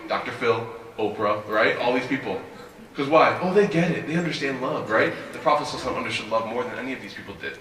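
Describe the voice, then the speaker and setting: Guy preaching fast and bright, animated storytelling, echoey hall, mic kinda far. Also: mid-range voice, a little hiss or hum. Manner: animated, keeps asking the audience "right?". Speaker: religious lecturer. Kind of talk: storytelling religious lecture.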